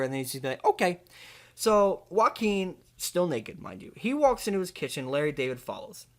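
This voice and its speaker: In a comedy video, a young male host rambles through a pitch for an absurd film, deadpan and heavy with filler words.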